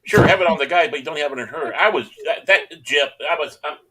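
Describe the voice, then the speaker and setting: A man's voice: a little high, quick pace, fairly bright tone, husky. A man on a podcast giving opinions in casual chat, with jokey asides. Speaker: podcast co-host.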